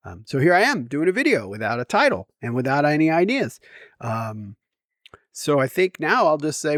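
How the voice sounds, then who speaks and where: A man's voice: medium pitch, very animated, a little fast, no echo, clean studio sound. A middle-aged man talking to camera at home in a rambling, self-mocking way and laughing often. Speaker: vlogger. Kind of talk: rambling casual vlog.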